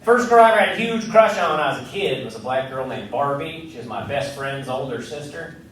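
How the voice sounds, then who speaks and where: A man's voice: medium pitch, lively intonation, a little fast, background noise. A man doing a stand-up comedy set on a club stage, with a brash, punchy delivery and voices for the people he quotes. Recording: roomy club recording from a distance with crowd. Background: audience laughter.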